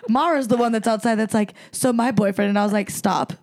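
A woman's voice: fairly high pitch, steady tone, quick pace, darkish tone. A woman hosting a podcast, telling stories in casual chat, brash and profane and acting out other people's voices. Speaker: podcast host.

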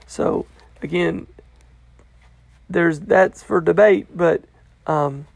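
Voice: medium pitch, drawn-out words, gravelly, dry recording. A Bible study teacher talking casually through a passage, paraphrasing a commentator and checking in with the listener. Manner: loose and conversational, checks in with "okay?".

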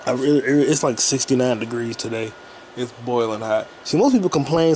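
A man's voice: medium pitch, normal speed, a little mellow. A man hosting a casual podcast, rambling profanely while playing a video game at home. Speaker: podcast host. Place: home room with a fan running. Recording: noisy home recording with fan hum.

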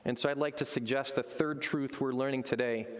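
A man's voice: mid-range voice, fairly quick, big-room sound. A man preaching a sermon as a pastor, telling stories with energy and acting out voices. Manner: animated storytelling, acts out voices.

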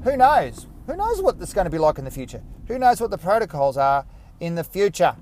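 A man's voice: sits high, very animated, brisk, darkish tone, slight background noise. A man hosting his own podcast, chatting casually in a rambling, self-mocking way. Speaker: podcast host. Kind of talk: casual solo podcast monologue.

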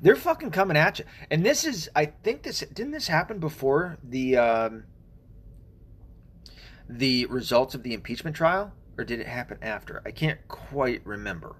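Profane, rambling male podcast host. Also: mid-range voice. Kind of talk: casual political monologue.

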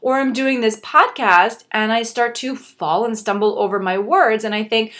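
A woman's voice: on the high side, steady tone, moderate pace, few pauses, a bit bright. Earnest young woman hosting a motivational podcast. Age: young adult. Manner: earnest, encouraging, self-reflective; speaks directly to the listener. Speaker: podcast host.

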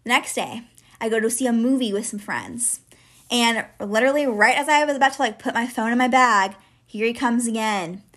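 A woman's voice: fairly high pitch, animated, fairly quick, fairly bright tone. A woman in her twenties, a podcast co-host, telling a long personal story in casual chat, with lots of "like" fillers. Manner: chatty, heavy use of filler "like".

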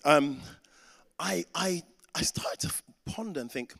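This is a man in his thirties preaching, with a middle-pitched voice that swings widely as he tells his story. He acts out the other people in his story as he goes. His voice rings out with the long reverb of a large hall. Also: fairly bright tone. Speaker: pastor. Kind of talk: sermon with a personal story.

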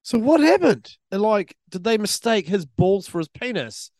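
A man's voice: sits high, sing-song, normal speed, a little mellow, dry recording, studio quality. A New Zealand man co-hosting a podcast, trading crude jokes and banter in a casual chat. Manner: crude, joking banter with funny voices. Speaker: podcast co-host. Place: resort room, in person.

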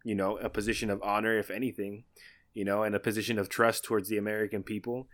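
A man's voice: on the low side, little pitch movement, a bit bright. A man co-hosting a podcast, talking in an indignant, casual way and laughing between points. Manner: indignant, laughing, fast restarts. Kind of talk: casual chat.

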